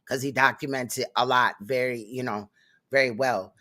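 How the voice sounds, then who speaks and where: A man's voice: mid-range voice, steady tone, moderate pace, bright, forceful tone. A man hosting a commentary channel, talking loosely and conversationally in between the clips he reacts to. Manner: loose, conversational, slangy asides.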